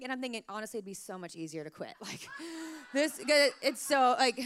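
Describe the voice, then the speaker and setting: A woman in her thirties, a mother telling emotional family stories in a casual, animated way, full of "like" fillers, her throat a little sore. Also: on the high side, brisk. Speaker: mother sharing parenting stories. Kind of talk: casual storytelling to camera.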